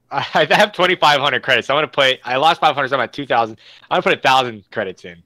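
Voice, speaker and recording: A man playing a tabletop game, loud and energetic. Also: medium pitch, rapid-fire, no room sound. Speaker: player.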